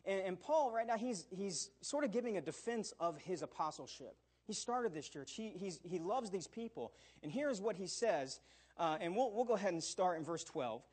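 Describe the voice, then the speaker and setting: High-voiced husky man preaching. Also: moderate pace. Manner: animated preaching with repeated "all right?" asides and acted quotes. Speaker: pastor. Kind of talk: sermon.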